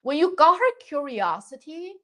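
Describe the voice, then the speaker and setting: A woman's voice: high-pitched, big pitch swings, normal speed, a bit bright. A young woman chatting on a livestream, rambling with lots of fillers and restarts as she gives dating advice and thanks viewers. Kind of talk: casual livestream chat.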